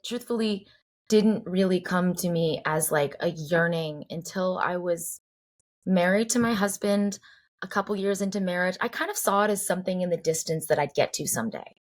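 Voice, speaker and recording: Woman, 40s, from Boston area, interview guest, earnest, reflective, lowish voice. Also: moderate pace. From Cambridge, Boston area. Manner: earnest, reflective, many fillers and restarts. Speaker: guest singer-songwriter. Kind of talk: heartfelt conversational interview.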